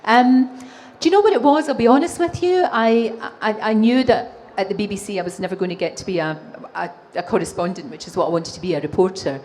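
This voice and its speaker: A woman in her sixties with a Glaswegian Scottish accent, a TV presenter answering audience questions on stage, animated and laughing often. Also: medium pitch, fast talker, few pauses, a little hiss or hum. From Scotland. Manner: animated storytelling with frequent laughs. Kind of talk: live stage Q&A. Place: exhibition hall stage.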